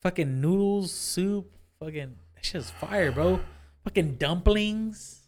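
A man's voice: high-pitched, slow pace, slight background noise. A young man co-hosting a podcast in casual chat, swearing freely and laughing easily. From Mexican-American. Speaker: podcast co-host.

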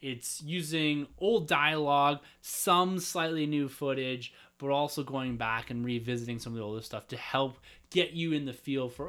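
A man's voice: medium pitch, moderate pace, few pauses, fairly bright tone, clean tone. A man co-hosting a casual podcast chat, walking methodically through a trailer scene by scene. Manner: methodical, explains scene by scene, repeats "yes" and "yeah". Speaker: podcast co-host.

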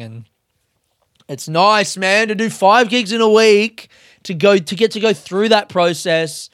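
A man's voice: sits high, expressive, a little slow, a bit bright, no echo, clean studio sound. A young man, a comedian rambling loosely through stories in a sweary, self-mocking way. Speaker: comedian podcast host. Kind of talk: casual rambling monologue.

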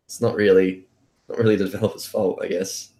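Deep-voiced man in an echoey room. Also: level tone, fairly quick, mellow. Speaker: podcast co-host. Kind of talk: casual game discussion. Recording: roomy echo.

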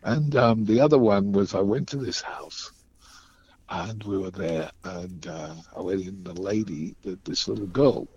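A man from Australia telling anecdotes casually as a guest, animated and acting out the voices of people in his stories. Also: low-pitched, a little slow, breathy edge, muffled recording. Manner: animated storytelling, acts out voices. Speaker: guest storyteller.

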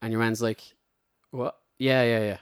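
A man's voice: mid-range voice, level tone, normal speed, clear, resonant tone. An Irish man hosting a podcast, telling a long, rambling anecdote in a casual way and slipping into the voices of the people in his story. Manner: rambling storyteller, slips into character quotes. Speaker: podcast host.

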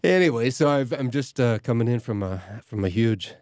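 A middle-aged man, a parish priest hosting a show, talking casually in a halting way with many restarts and fillers. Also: mid-range voice, expressive, a little mellow, a little hiss or hum. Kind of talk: casual talk.

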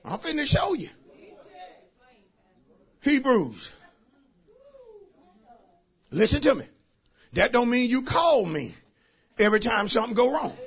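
A preacher man with a strikingly high, bright voice that swings wildly from shout to murmur. His tone is gravelly at the edges as he drives a call-and-response sermon, with a congregation faintly audible behind him. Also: big pitch swings, slow pace, pauses often, a faint crowd. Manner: preaching in bursts, shouting then dropping to quiet asides. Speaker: pastor. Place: church sanctuary.

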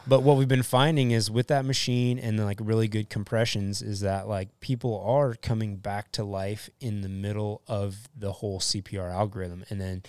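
Profane firefighter telling war stories. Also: male voice, on the low side, normal speed, hardly any pauses, smooth, dry recording. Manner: profane, animated, acts out quotes. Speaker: firefighter and EMT guest. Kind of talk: casual podcast storytelling.

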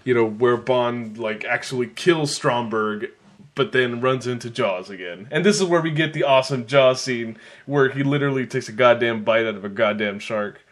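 A man in casual movie review chat, recapping plot in a relaxed, laid-back way. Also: medium pitch, moderate pace.

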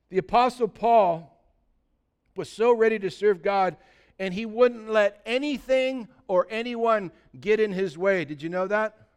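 Clear-voiced impassioned male preacher. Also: sits high, unhurried. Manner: impassioned preaching, rising to loud emphatic peaks. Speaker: pastor. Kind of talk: sermon.

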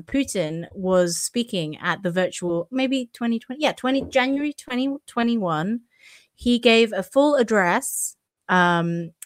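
A woman's voice: mid-range voice, a bit bright, no room sound, clean studio sound. A woman co-hosting a podcast in casual chat, hesitant with many restarts and frequent laughter. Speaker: podcast co-host.

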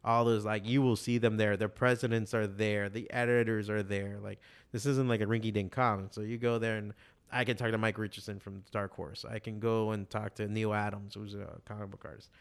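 A man in casual conversation, telling animated stories with a lot of swearing and acting out what other people said. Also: lowish voice, brisk, vocal fry, clean tone. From Miami, USA. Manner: animated storytelling, heavy swearing, quotes others in voices. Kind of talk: casual chat.

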